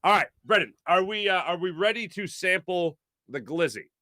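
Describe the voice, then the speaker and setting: Animated, bright-voiced male show host. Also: high-pitched, moderate pace, no echo, studio quality. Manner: playful, animated, laughs often. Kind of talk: casual sports talk show chat.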